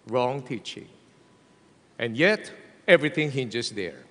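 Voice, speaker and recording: A man preaching a sermon to a packed hall, with a Filipino accent, speaking in an animated, emphatic way. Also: on the high side, a little slow. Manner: animated preaching, mixing English and Tagalog, addressing the hall. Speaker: pastor. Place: large hall. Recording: long hall reverb.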